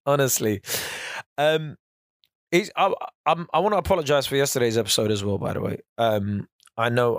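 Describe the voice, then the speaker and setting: A young man chatting casually on his solo podcast, animated and slangy. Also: mid-range voice, creaky, no echo, clean studio sound. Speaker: podcast host.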